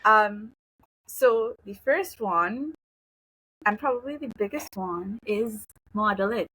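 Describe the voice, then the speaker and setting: A woman in her thirties, a behavioral analyst, giving parenting advice in a relaxed, chatty way and acting out example phrases. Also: mid-range voice, slow pace, husky, low-quality recording. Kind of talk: casual advice conversation.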